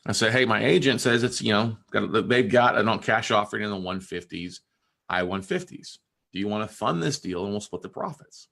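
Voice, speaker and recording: A man with a gravelly, bright voice tells a story in an easy, conversational monologue. He talks like a podcast host, breaks off into quoted back-and-forth and restarts his sentences as he thinks. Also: lowish voice, moderate pace. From Texas. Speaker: podcast host and note investor.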